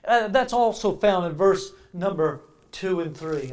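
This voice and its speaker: High-voiced preacher. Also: male voice, animated, measured pace. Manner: dynamic preaching, swings from loud emphasis to quiet reflection. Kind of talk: sermon.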